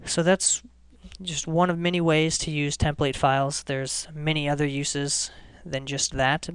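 Smooth-voiced man explaining code, flat delivery. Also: fairly high pitch, unhurried, no room sound. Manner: relaxed step-by-step explaining with restarts. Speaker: coding tutorial host. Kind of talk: screencast programming lesson.

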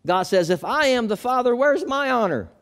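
A man's voice: extremely high pitch, big pitch swings, normal speed, a bit bright, clean tone. A man preaching a sermon as pastor, building emphasis as he quotes and explains scripture.

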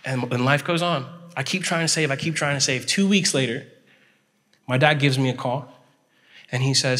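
A man preaches in a chapel, his voice trailing off into a long hall reverb. He tells his story with lively energy and keeps checking that his listeners are with him. His pitch sits in an ordinary middle range. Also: normal speed. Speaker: pastor. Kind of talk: storytelling sermon.

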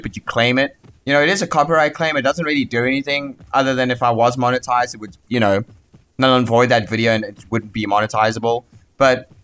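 A young South African man giving casual gameplay commentary, excitable and quick to swear and rant. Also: medium pitch. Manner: excitable, swears freely, rants heatedly. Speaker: gaming YouTuber.

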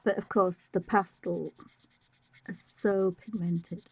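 A woman hosting a live drawing tutorial, talking softly and often half-whispering as she works, her voice a little squeaky and rough. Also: steady tone, takes it slowly, no room sound. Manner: soft-spoken, often half-whispered while working. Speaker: art tutorial host.

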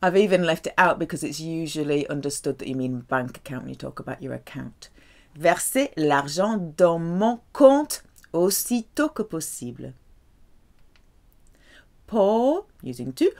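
A woman teaching French delivers a language lesson slowly and carefully, with a very animated pitch. She draws out her French examples in a lively way.

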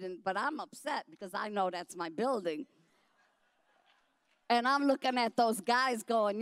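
A middle-aged woman telling her story at a dinner, animated and emphatic, acting out the quotes. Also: on the high side, moderate pace, no echo.

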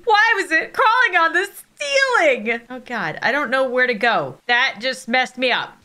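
A woman's voice: high-pitched, big pitch swings, a little slow, sharp tone. A woman YouTuber giving jumpy, nervous commentary while playing a horror game, often shrieking and laughing and repeating panicked exclamations. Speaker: gaming YouTuber.

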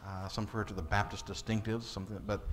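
A man's voice: lowish voice, little pitch movement, fast talker. A man, the pastor, giving casual closing announcements with frequent fillers.

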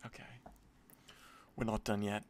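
Exasperated male gambling streamer, gravelly low voice, cursing, slight noise behind. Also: fairly even intonation, moderate pace. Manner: swearing, exasperated, muttering. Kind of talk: casual gambling commentary.

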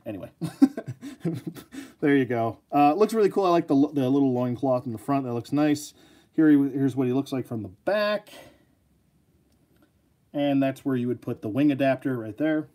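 A man's voice: medium pitch, expressive, normal speed, pauses often, warm tone. A man hosting a casual live action figure review, joking and rambling as he talks to his viewers.

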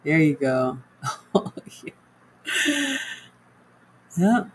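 A woman's voice: low-pitched, animated, very slow, darkish tone, husky, low-quality recording. A woman home cook chatting casually on a livestream, walking viewers through her cooking and reading their comments aloud.

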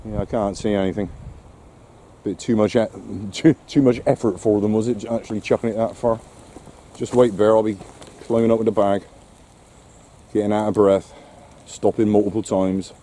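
Low, dark-voiced man vlogging outdoors. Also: fairly even intonation, moderate pace, pauses often, low-quality recording. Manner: chatty, talks to his dog, self-mocking laughs. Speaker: vlogger walking his dog. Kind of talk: casual outdoor vlog chat. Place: outdoors on a rainy seafront. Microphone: handheld camera. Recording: faint outdoor noise.

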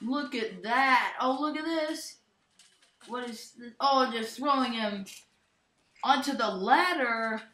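A young woman giving an excited play-by-play commentary on a toy wrestling match, often breaking into shouted exclamations. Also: a little high, takes it slowly. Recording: echoey room.

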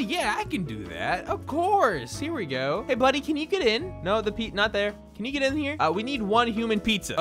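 A young man narrates his game in a high, lively voice that leaps around. His commentary is jokey and excitable, full of laughs and sudden shouts. Faint music plays behind him. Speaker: gaming video creator. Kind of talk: gameplay commentary.

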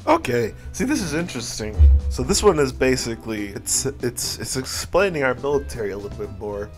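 A man's voice: medium pitch, sing-song, brisk, faint music behind. Laid-back swearing gamer guy. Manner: rambling, swearing, laughing often. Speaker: video game streamer. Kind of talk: casual let's-play commentary.

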